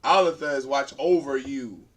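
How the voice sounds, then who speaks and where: A man's voice: medium pitch, normal speed. A man teaching a beginner language class, sounding out words syllable by syllable and repeating them as he writes on a board. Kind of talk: classroom lesson at a whiteboard.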